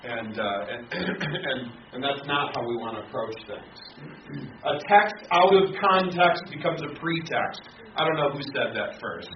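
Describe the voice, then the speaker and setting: Halting man teaching a Bible class. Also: mid-range voice. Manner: halting, repeats words, frequent fillers. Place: classroom or church hall. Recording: roomy, distant, dull, noisy room recording.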